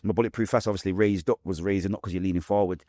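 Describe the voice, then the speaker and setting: A young adult man with a Manchester accent, telling his own story as a podcast guest, fast and vivid, acting out what people said. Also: deep voice, steady tone, mellow, no room sound, clean studio sound. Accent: Mancunian English. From Manchester, England.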